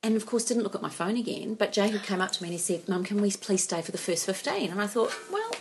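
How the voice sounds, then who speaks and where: A woman's voice: medium pitch, animated, fast talker, background noise. A middle-aged woman, co-hosting a casual chat and telling a story animatedly, acting out quotes and laughing often. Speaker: podcast co-host. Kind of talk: casual chat among friends.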